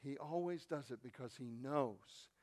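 A male pastor preaching a sermon, telling a story and swinging from quiet, intimate asides to loud, shouted peaks. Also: mid-range voice, unhurried.

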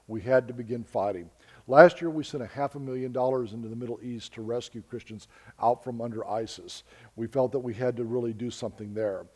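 A man's voice: mid-range voice, brisk, mellow, slightly rough. A man preaching earnestly, telling stories to the congregation and calling them folks. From United States. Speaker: preacher and missionary. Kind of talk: sermon storytelling.

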